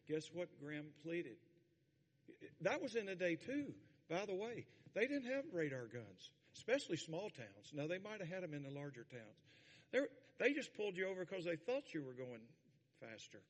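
An older man preaching a sermon to his congregation, with folksy asides and sudden shouted peaks. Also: fairly high pitch, sing-song, normal speed. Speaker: pastor. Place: church sanctuary. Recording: long hall reverb.

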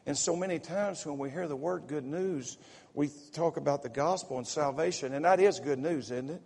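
Pastor with a slight Southern lilt, excitable and folksy, fairly high voice, echoing through a big sanctuary. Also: male voice, slightly rough. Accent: Southern US, slipping in from home visit. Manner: excitable, folksy preaching with repetitions and asides. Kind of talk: sermon. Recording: echoey sanctuary reverb.

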